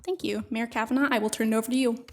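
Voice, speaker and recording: A woman's voice: on the high side, racing. A woman clerk reading meeting procedures and a roll call in a formal, scripted way. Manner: formal, scripted, even delivery.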